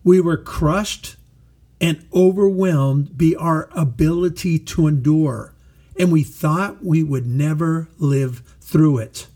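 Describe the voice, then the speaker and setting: A middle-aged man preaching a sermon as pastor, slow and emphatic, repeating phrases for weight. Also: on the high side, warm tone, husky.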